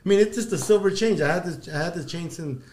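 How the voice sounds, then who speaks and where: A man's voice: sits high, fast talker, a little mellow. A man in his thirties, a podcast guest, telling a story in casual chat with heavy swearing and frequent laughs. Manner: profane, rambling, laughs often.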